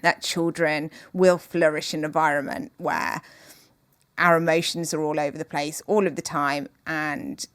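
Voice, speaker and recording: A woman guest in an interview, speaking in an earnest, measured and openhearted way. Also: sits low, steady tone, a bit bright, no room sound, clean studio sound. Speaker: podcast guest, author. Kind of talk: reflective interview conversation.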